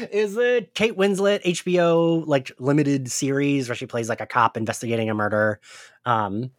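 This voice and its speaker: A woman from New Jersey near Philadelphia with a South Jersey accent, co-hosting a podcast in casual chat, animated and laughing often. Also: a bass voice, measured pace, no echo, clean studio sound. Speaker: podcast co-host.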